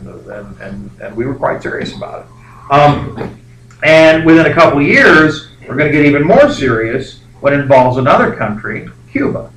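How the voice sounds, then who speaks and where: A man's voice: mid-range voice, a bit bright, recorded from a distance. A male history teacher giving a rambling, joking classroom lecture full of fillers. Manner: rambling, jokey, many fillers. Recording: echoey classroom, faint background noise.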